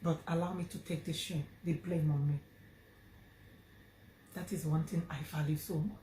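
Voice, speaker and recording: A woman's voice: low voice, fairly even intonation, moderate pace, dark tone, reverberant, slight background noise. A woman with a Nigerian accent telling a personal story to her vlog audience, earnest and emphatic, repeating phrases for stress. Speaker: vlogger.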